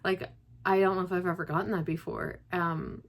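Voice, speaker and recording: A woman's voice: fairly low pitch, flat delivery, moderate pace. Young woman vlogging, rambling and grieving. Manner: rambling, many likes and restarts. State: grieving, on the verge of tears. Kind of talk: casual personal vlog.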